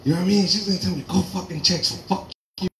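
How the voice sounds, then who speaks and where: A man doing a loud, profane stand-up comedy set, telling animated stories to a live audience in a garage. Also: sits high, rapid-fire, a little hiss or hum. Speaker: stand-up comic. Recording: roomy garage with crowd laughter.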